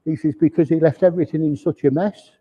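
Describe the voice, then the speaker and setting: A man's voice: on the high side, steady tone, fast talker, slightly rough. A man acting as a medium at a service, passing on spirit messages and often saying "he says". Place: large village hall. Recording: reverberant hall, dull lo-fi sound.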